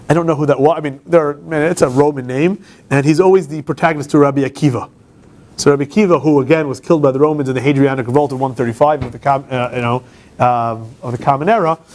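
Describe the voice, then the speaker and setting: A man's voice: on the high side, a little mellow. A man, a campus rabbi, giving an informal classroom lecture, talking conversationally and putting questions to the class. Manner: conversational, asks the class questions, frequent restarts. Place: law school classroom.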